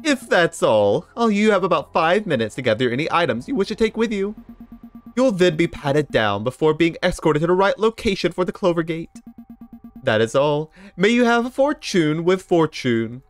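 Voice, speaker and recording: A man's voice: fairly high pitch, big pitch swings, faint music behind, pitched above the performer's own voice. Masked cult leader, male, solemn and formal, soothing tone, man performing. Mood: solemn reassuring. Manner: formal, reassuring, measured.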